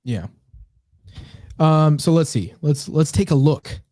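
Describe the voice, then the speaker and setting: Sarcastic podcast host, mellow dry voice. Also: male voice, a little high, animated, slow, no room sound. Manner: sarcastic, rambling, reads comments aloud. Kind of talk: casual comedy podcast banter.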